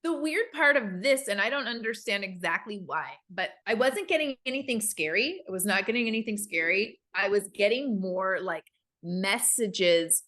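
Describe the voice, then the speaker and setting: A woman chatting casually on a podcast, recounting a story with animated delivery. She slips into other people's voices as she quotes them. Her voice sits in an ordinary middle pitch with a bright, forward edge. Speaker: podcast co-host.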